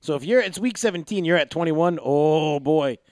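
A man's voice: high-pitched, fast talker, no echo. A young man co-hosting a podcast, trading teasing, jokey banter in casual chat. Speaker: podcast co-host.

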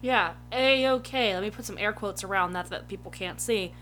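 A woman's voice: mid-range voice, flat delivery, quick pace, fairly bright tone. A woman who was a player in the campaign, co-hosting a podcast in casual chat and recapping events in a matter-of-fact, wry way.

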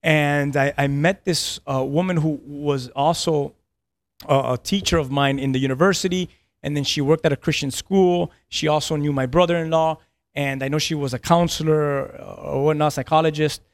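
Pastor guy sharing his story, kinda high voice, dead dry sound, keeps repeating himself. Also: steady tone, normal speed, no room sound. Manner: earnest, repeats words, laughs between lines. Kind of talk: casual podcast storytelling.

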